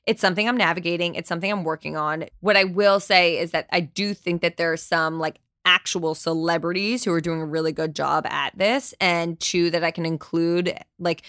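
A woman's voice: on the low side, fairly even intonation, moderate pace, few pauses, fairly bright tone, no room sound, studio quality. A young adult woman hosting a solo podcast, talking candidly and emphatically, swearing now and then. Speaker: podcast host.

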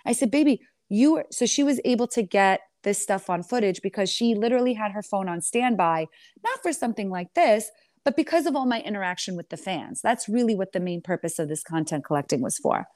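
A woman reality TV star in an interview, telling her side of a clash in a sassy, animated way and calling the listener honey. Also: medium pitch, fairly quick, dry recording, studio quality. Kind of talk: candid storytelling interview.

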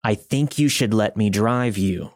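A man's voice: lowish voice, unhurried, a little mellow, dry recording, clean studio sound, close to an everyday voice. A man playing a creepy grinning stranger. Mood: pushy. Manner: insistent, turning menacing. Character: creepy grinning male stranger driving at night.

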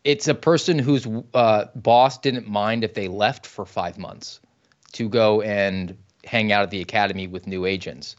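A man's voice: fairly low pitch, steady tone, measured pace, lo-fi sound. A man talking as a podcast guest, telling stories in a wry, skeptical way. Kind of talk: casual podcast talk.

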